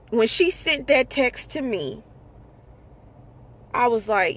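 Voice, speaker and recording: A woman's voice: a little high, unhurried, a bit bright. A young woman, a rideshare driver telling blunt, exasperated stories in a casual vlog, swearing freely.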